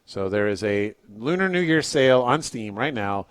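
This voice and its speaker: A man's voice: mid-range voice, lively intonation, normal speed, smooth, dry recording. A man co-hosting a casual livestream, teasing the others with dry humor. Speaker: stream co-host.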